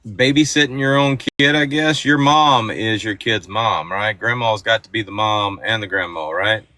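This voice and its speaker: Bright-voiced blunt man gossiping on a livestream. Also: on the low side, normal speed, no echo. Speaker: livestream host. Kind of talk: casual livestream chat.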